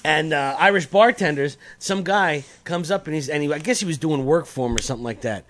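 A man co-hosting a radio show, telling stories in casual banter with halting restarts. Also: on the high side, fairly bright tone, slight background noise. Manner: chatty storyteller with halting restarts. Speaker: radio co-host.

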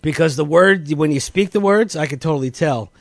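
A man's voice: fairly high pitch, brisk, vocal fry, dry recording. A man co-hosting a casual podcast chat, rambling, repeating his words and often asking if he is understood. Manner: rambling, repeats words, keeps asking 'you know what I mean?'.

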